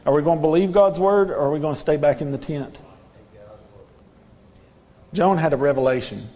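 A man's voice: fairly high pitch, normal speed, dark tone. Earnest preacher man in a reverberant church. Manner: earnest, repetitive exhortation with rhetorical questions. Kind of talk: sermon. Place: church sanctuary.

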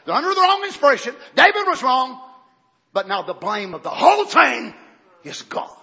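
A man preaching a sermon in a church, breaking into shouted outbursts and folksy asides. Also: extremely high pitch, big pitch swings, normal speed, vocal fry, breathy edge. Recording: dull lo-fi recording with faint congregation.

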